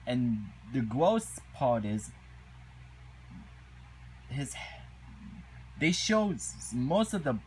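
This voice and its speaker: A man ranting through a casual episode review at an unhurried, plodding pace. He stops and restarts often, piling on "and then" between indignant complaints, in a voice of ordinary pitch. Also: big pitch swings, a little hiss or hum, poor audio. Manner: halting, repetitive, indignant.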